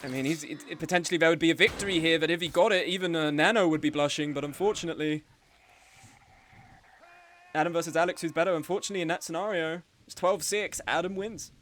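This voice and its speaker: Young guy commentating a live game match, kinda high voice, joking around. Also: fast, fairly bright tone. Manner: chatty and joking, with frequent laughs. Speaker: game tournament commentator and streamer.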